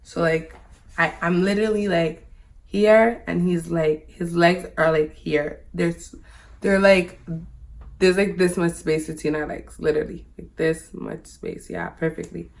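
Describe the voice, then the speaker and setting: A woman's voice: fairly low pitch, fairly even intonation, a little slow, gravelly. A woman vlogger telling a personal story straight to her viewers in a casual monologue, packing nearly every phrase with "like". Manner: talks to viewers directly.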